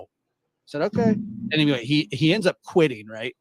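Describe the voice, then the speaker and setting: A man's voice: on the high side, normal speed, no room sound. A man telling a story in casual chat, acting out both sides of an argument. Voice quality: animated, acts out both sides of a quoted argument.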